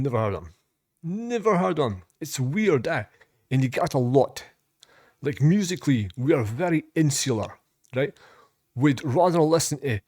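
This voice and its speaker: A Scottish man chats through his reaction video in a loose, rambling way, with plenty of swearing. His voice sits at an everyday middle pitch and sounds close and dry, with no room around it. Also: a little mellow, no echo. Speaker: reaction vlogger. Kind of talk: casual reaction commentary.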